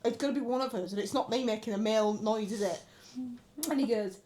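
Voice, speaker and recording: This young woman talks casually in a slightly higher voice. She tells stories and acts out the quotes, swearing often as she goes. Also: fast talker, a little mellow. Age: 20s. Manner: storytelling with acted-out quotes, frequent swearing. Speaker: podcast co-host. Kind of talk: casual chat.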